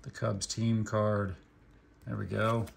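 Man, Okie-Hoosier accent, slow, gravelly, casual card-opening commentary. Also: on the low side, flat delivery. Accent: Oklahoma and Indiana mix. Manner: reads names aloud one by one with short remarks. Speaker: card collecting channel host.

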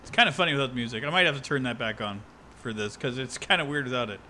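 A male streamer giving wry, sarcastic commentary over a game. His voice is sharp and bright, with lively swings in pitch. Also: very fast, a little hiss or hum. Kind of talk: live gameplay commentary.

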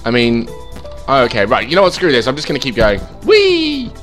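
A man's voice: fast, faint music behind. A man casually swearing and reacting as he plays a game. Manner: excitable, sweary, jumps in pitch. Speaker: gaming channel host. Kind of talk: let's play commentary.

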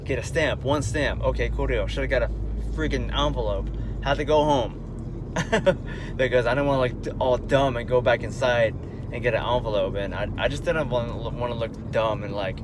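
A man's voice: mid-range voice, normal speed, background noise. A young man in a casual vlog rant, exasperated and rambling with lots of fillers, talking from his car. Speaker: vlogger.

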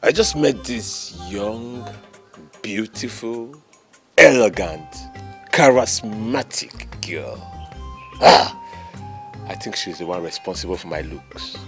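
An actor playing a wealthy older chief, who talks slowly and relishes his words. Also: fairly low pitch, lively intonation, a bit bright, soft background music, heavily acted. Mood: boastful. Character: older wealthy chief, chasing young girls.

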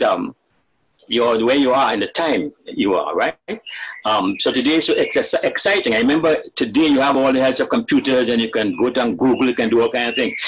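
An older man, talking as a storyteller in a webinar interview, animated and laughing at his own jokes. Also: medium pitch, a little hiss or hum, low-quality recording. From Caribbean. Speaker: storyteller and writer. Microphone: video call.

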